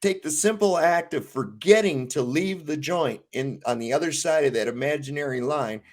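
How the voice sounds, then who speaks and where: A man hosting a casual chat, animated and swearing freely as he tells stories. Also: a little high, moderate pace. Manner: animated, acts out quotes in funny voices, swears freely.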